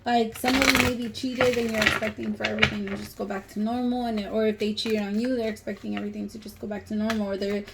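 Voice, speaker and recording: A woman's voice: medium pitch, little pitch movement, quick pace, creaky, hardly any pauses, very noisy. A woman giving a casual tarot reading to camera, talking bluntly and emphatically and swearing freely. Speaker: tarot reader.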